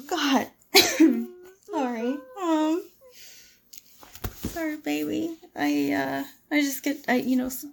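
A woman's voice: sits high, vocal fry, a little mellow, breathy edge, full character voice. A woman playing a frightened young woman in an audio role-play drama, pleading with a possessive captor. She stammers and drops into whispers.

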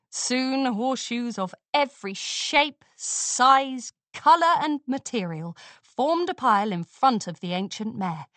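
A woman reading a storybook aloud, narrating slowly and expressively. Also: fairly high pitch, fairly bright tone, dry recording. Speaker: story reader.

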